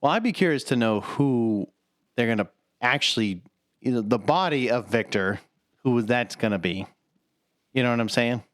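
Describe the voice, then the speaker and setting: A man's voice: mid-range voice, moderate pace, no echo, studio quality. A man co-hosting a casual podcast chat, rambling with lots of fillers and casual swearing. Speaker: podcast co-host.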